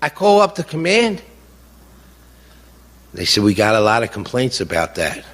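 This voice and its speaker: A middle-aged man speaking as a grieving father in an impassioned speech, halting with fillers at times and indignant at others. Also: lowish voice, huge pitch swings, a bit bright. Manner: indignant, rising to heated outbursts. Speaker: grieving father giving a talk.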